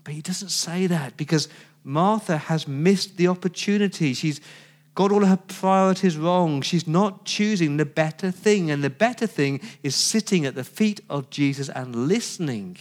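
Male pastor, conversational sermon, rhetorical questions, voice a bit high. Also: normal speed.

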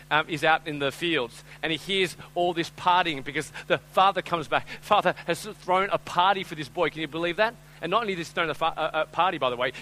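A male pastor delivers a sermon in a chatty, storytelling way, acting out the characters' voices and dropping to a hush before rising loud again. His voice is bright and forceful and sits a little high for a man. A faint hum lies under the recording. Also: rough recording. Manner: storytelling with acted-out voices, swings between loud and hushed; conversational, repeats "I'm telling you" and "right?".

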